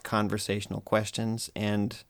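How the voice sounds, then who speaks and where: A woman's voice: extremely low pitch, level tone, unhurried, dry recording. Hesitant woman podcast host, dry sound. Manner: hesitant, many ums and restarts. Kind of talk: casual chat.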